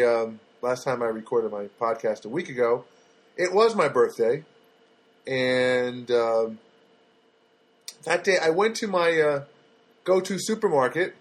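A man chats on his own podcast in a husky, slightly breathy voice. He rambles along loosely, stopping and restarting his sentences and filling the gaps with ums and uhs. It sounds like an easygoing talk recorded at home. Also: on the high side. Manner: rambling, loose and chatty with many fillers and restarts. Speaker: podcast host. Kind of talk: casual solo podcast chat. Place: studio apartment.

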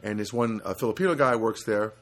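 A man telling a rambling comic anecdote, stopping for asides and jumping up in pitch to mimic other people and sounds. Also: brisk. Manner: animated, jumps to high pitch for quoted voices and honk sounds; rambling with frequent restarts and asides. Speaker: comedic storyteller.

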